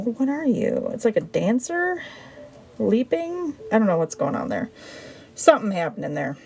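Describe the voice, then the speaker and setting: A woman chatting casually on a livestream as she sorts her buttons, excitable and talking to them as she goes. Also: mid-range voice. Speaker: button seller sorting her finds on a livestream. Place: indoor room.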